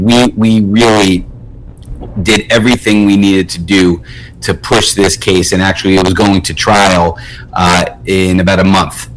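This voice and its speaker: A middle-aged man, a personal injury lawyer, tells a case story on a radio show in a casual way. He often repeats and restarts his words and speaks in quick bursts. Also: sits low, a little hiss or hum, poor audio.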